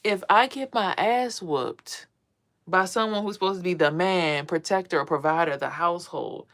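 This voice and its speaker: A woman's voice: on the low side, moderate pace, fairly bright tone. A woman talking casually to her viewers as a spiritual vlogger, blunt and profane, telling stories with emphasis. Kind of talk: casual monologue to a live chat.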